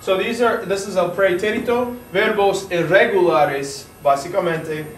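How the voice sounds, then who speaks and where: A man's voice: high-pitched, moderate pace, slight background noise. A man teaching a grammar lesson in an informal style, explaining step by step with frequent restarts, recorded from a distance in a room. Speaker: Spanish teacher. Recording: echoey room, mic far off, faint ambience.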